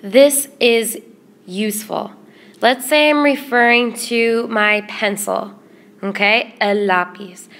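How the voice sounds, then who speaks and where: A woman's voice: fairly high pitch, fairly bright tone. Patient woman teaching Spanish grammar. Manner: patient, explains slowly, repeats word lists. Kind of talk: classroom grammar lesson.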